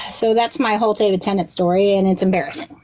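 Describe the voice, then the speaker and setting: A woman chatting casually on a podcast, an animated storyteller who acts out the voices she quotes and swears freely. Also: medium pitch, a little fast, slight background noise. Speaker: rabbi and podcast guest.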